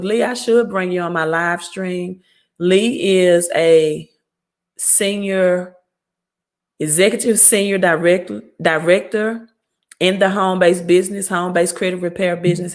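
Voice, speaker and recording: A woman's voice: lowish voice, steady tone, a little slow. A woman from Mississippi with a Southern accent, hosting a credit repair livestream and answering viewer comments in a blunt, no-nonsense way. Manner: blunt, scolding, talks straight to viewers. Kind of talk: casual livestream talk reading viewer comments.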